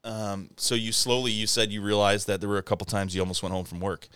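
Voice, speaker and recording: A man's voice: lowish voice, fast, smooth, dry recording, studio quality. A man co-hosting a podcast, telling a story in a casual chat, acting out quotes with pained yelps and laughing often. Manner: animated, acts out quotes with loud pained yelps. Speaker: podcast co-host.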